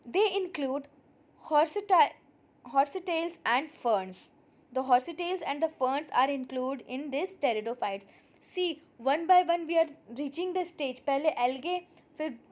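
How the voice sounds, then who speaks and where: A woman's voice: sits high, a little mellow. A woman with an Indian accent giving an online biology lesson, switching between Hindi and English and repeating key terms. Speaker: biology teacher. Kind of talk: online lecture.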